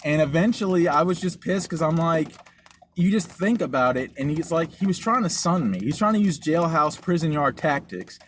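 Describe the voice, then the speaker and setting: A young man co-hosting a podcast, telling a story in a casual, animated and profane way. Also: a little high, moderate pace. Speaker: podcast co-host. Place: car during a delivery drive. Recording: loud road and ambient noise.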